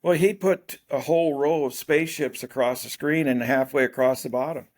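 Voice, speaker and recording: A man's voice: on the high side, moderate pace. An older man chatting casually, rambling through old memories. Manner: rambling, reminiscing. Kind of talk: casual chat.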